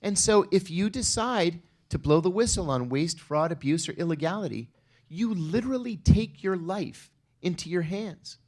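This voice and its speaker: Lively man telling his story. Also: high voice, normal speed. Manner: storytelling, wry, acts out quoted exchanges. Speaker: panel speaker. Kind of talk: conference panel talk.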